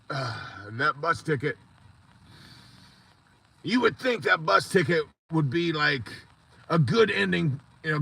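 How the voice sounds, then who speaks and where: A man's voice: fairly high pitch, vocal fry, a bit bright. A man hosting a support group on a live stream, talking in an earnest, rambling, motivational way.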